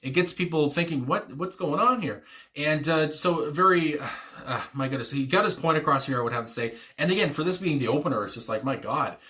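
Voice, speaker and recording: A man's voice: a little high, fast, bright, forceful tone. A man hosting a music reaction video, talking casually in a rambling way with many fillers, restarts and chuckles. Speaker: music reaction channel host. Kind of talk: casual spoken reaction commentary.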